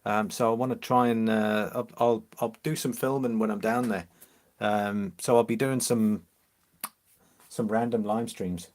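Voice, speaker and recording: A man's voice: on the low side, a little slow. Chatty English man hosting a live stream. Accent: mixed English, mildly Liverpool. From Liverpool, England. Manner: chatty, relaxed, reads out viewer comments with easy laughs. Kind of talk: casual live-stream chat.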